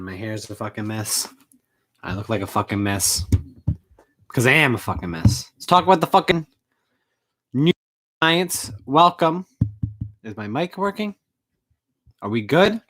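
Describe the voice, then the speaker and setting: A woman's voice: extremely low pitch, slightly rough. A woman ranting in a postgame fan video, angry, profane and emotional, on a home recording setup. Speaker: sports fan vlogger. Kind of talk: postgame rant.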